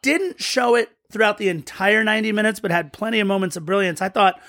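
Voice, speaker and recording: A man with a notably high speaking voice walks through the plays of a match, eager and rambling, often restarting his sentences. He is recorded close to the mic in a dry, dead-sounding space. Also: fast talker, a bit bright, dry recording. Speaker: podcast co-host. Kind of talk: casual match-recap chat.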